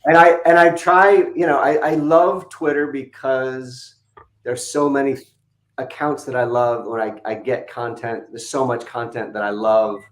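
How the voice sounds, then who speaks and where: A man speaking as a podcast guest in relaxed casual chat. He chuckles often and fills pauses with ums and uhs. His voice carries a roomy echo. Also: mid-range voice. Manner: laid-back, chuckling, with many fillers.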